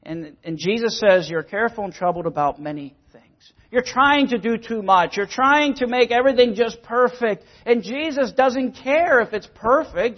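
A man's voice: extremely high pitch, moderate pace, dull audio. A man preaching a sermon, earnest and emphatic, sometimes repeating words as he explains scripture. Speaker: pastor.

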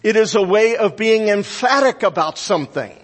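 An older man preaching a sermon, teaching deliberately and emphatically, with grammar asides. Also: sits high, expressive, in a large hall.

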